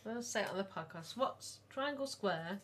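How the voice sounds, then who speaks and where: A middle-aged woman, co-hosting a casual podcast and telling long, animated stories. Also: medium pitch, moderate pace. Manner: rambling, animated storyteller. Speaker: podcast co-host, mother of the other host. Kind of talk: casual chat.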